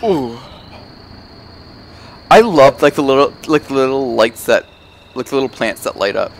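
Lively joking male gamer. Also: mid-range voice, moderate pace. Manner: joking, teasing, sings snatches. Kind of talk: casual gameplay chat. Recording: faint background noise.

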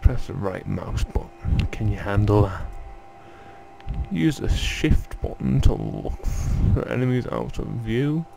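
A man doing a gravelly, bossy game instructor. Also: on the low side, unhurried, mellow, slight background noise. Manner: condescending, barking instructions. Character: gruff, bossy male tutorial instructor with a wandering mock Scottish accent.

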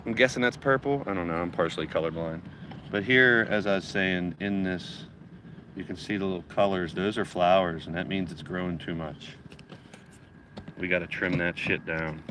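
Deep-voiced chatty man outdoors. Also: fairly even intonation, normal speed, bright, forceful tone, a little hiss or hum, rough recording. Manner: chatty, swears casually, reads chat aloud. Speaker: gardening livestream host. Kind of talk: casual livestream chat. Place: outdoors in a backyard garden.

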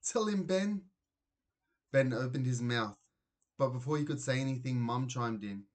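A man narrating a children's storybook aloud in an expressive reading voice. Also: mid-range voice, normal speed. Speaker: reader.

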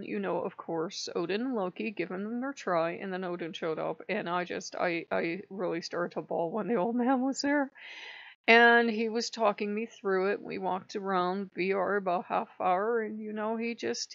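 A woman's voice: mid-range voice, gravelly, no echo, lo-fi sound. A woman hosting her own channel, telling a personal story in a frank, rambling way and swearing often. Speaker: spiritual channel host. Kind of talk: emotional personal vlog.

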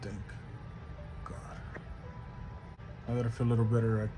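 A young man talks straight to his camera in a casual vlog, sounding sore and lightheaded. His voice sits at an ordinary middle pitch, and his delivery is loose and slangy, peppered with swearing and offhand sighs of exhaustion. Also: flat delivery, normal speed, background noise. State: in pain and lightheaded. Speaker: vlogger.

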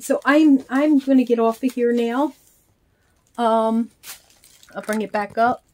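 A woman's voice: on the high side, a little mellow. A middle-aged woman chatting casually while opening mail, speaking in a heartfelt, grateful way. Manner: slow, heartfelt, gushing with thanks. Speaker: reborn doll vlogger. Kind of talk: casual chat, unboxing.

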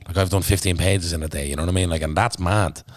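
A deep-voiced man with an Irish Traveller accent rattles through his stories at a quick clip, blunt and full of swearing. He talks as a guest on a podcast, and the sound is close and dry with no room behind him. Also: no room sound. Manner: blunt, sweary, animated storytelling. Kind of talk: casual podcast chat.

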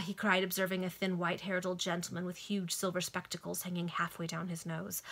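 A woman's voice: on the low side, monotone, brisk, hardly any pauses, sharp tone. A woman reading a novel aloud to friends over a video call, narrating expressively with light amusement. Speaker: reader.

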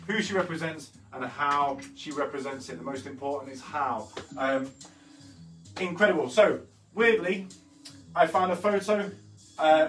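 A man's voice: on the high side, a bit bright. A man in his thirties hosting an art workshop, chatting loosely through his pictures with many fillers and self-corrections. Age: 30s. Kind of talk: casual walkthrough of artwork. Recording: slightly distant mic with faint music behind.

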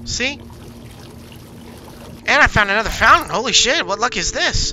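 A young man calls out his let's-play run in a high, very bright voice, talking to himself and to the monsters as he panics and steadies himself again. Faint game music plays underneath. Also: expressive, moderate pace, pauses often. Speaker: gaming channel host.

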